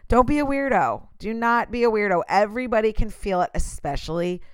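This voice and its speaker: Passionate woman with a smooth voice. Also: mid-range voice, expressive, brisk, no room sound. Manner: passionate, emphatic, talks to the listener directly. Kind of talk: casual motivational monologue.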